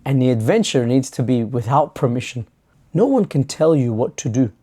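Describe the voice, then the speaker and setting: A man's voice: medium pitch, lively intonation, normal speed, mellow, slightly rough. A man hosting his channel, talking through a reflective monologue and acting out imagined exchanges in a conversational way. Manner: acts out imagined dialogue in a conversational way. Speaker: channel host.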